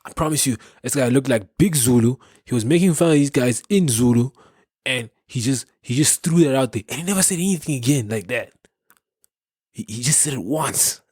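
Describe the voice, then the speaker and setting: A young South African man tells a casual story, wandering off track and restarting his sentences, laughing often. His voice is husky and a little breathy, in a mid range. The recording is dry and close. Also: mid-range voice, lively intonation, a little fast, darkish tone, dry recording. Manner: rambling, laughing, many restarts. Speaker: podcast host.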